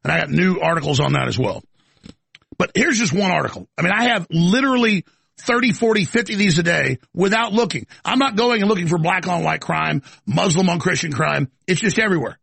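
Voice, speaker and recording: A man's voice: sits high, animated, fairly quick, creaky, fairly bright tone, husky, no room sound. A man hosting a live talk show, ranting with stammering restarts into a studio mic.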